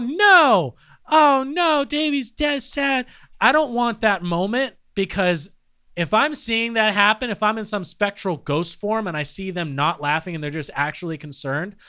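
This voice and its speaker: Bright, crisp-voiced man riffing playfully. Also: high voice, no room sound, studio quality. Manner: playful, acts out quoted voices. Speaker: podcast co-host. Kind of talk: casual comedic debate.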